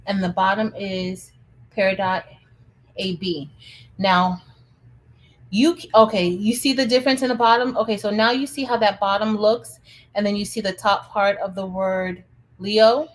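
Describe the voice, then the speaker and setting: A woman's voice: medium pitch, steady tone, normal speed, poor audio. Chatty woman hosting a craft livestream. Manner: chatty, enthusiastic, many fillers and restarts, addresses viewers as y'all. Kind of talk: casual livestream chat.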